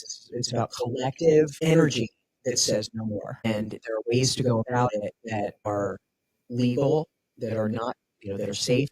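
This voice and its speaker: A man's voice: mid-range voice, darkish tone, breathy edge, no room sound, rough recording. A man co-hosting a podcast, explaining his view emphatically and repeating words as he thinks. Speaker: podcast co-host. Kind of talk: casual podcast discussion.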